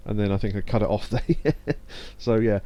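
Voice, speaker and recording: A man's voice: on the low side, warm tone, muffled recording. A young man casually commenting while streaming a game, chatty and laughing often as he reads game text aloud. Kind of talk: casual let's-play commentary.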